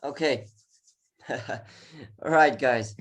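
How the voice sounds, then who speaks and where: A male teacher runs an online English exam lesson over a video call. He talks in an encouraging way, repeats words and fills gaps with "okay". His voice sits at an everyday middle pitch. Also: extremely slow, slightly rough. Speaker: IELTS teacher.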